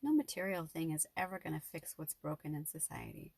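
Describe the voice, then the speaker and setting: Husky gravelly woman, heartfelt rambling vlog. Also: low-pitched, animated, brisk, a little mellow, no echo. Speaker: vlogger. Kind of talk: emotional personal vlog monologue.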